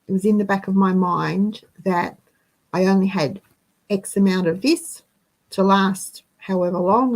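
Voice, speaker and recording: On a low-quality recording, a woman hosts a relaxed live chat, chatting with her audience and reading their comments out loud. Her mid-range voice is a little mellow, and she's out of breath.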